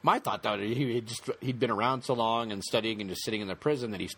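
Halting man in casual chat. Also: lowish voice, fairly bright tone, slightly rough. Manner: halting, many restarts and fillers, laughs often.

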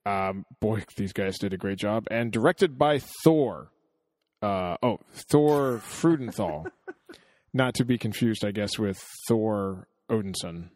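A man co-hosting a podcast in casual chat, jokey and animated, telling stories with chuckles. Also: on the low side, takes it slowly, no echo. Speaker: podcast co-host.

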